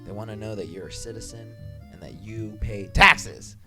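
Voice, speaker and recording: A man co-hosting a podcast in loose, animated chat, swearing freely and slipping into put-on voices. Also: lowish voice, moderate pace, over loud music. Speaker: podcast co-host. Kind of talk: casual chat.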